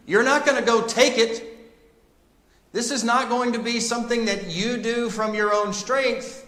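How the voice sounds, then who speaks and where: A man's voice: sits high, normal speed. Emphatic man teaching in an echoey room. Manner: animated, emphatic, talks straight to the class. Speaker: Bible class teacher. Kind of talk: Bible class lecture. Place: church classroom. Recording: echoey room with long reverb.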